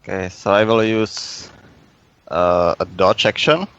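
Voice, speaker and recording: A low-voiced man calmly walks through his move in a tabletop game, taking his time. His voice sounds dull and lo-fi. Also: slow pace, smooth. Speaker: player.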